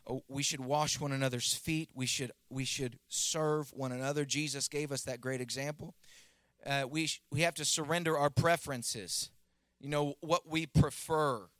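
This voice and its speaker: Earnest higher-voiced male pastor preaching. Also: a bit bright, dry recording, studio quality. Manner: earnest preaching with stories and prayer, rising emphasis. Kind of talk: sermon.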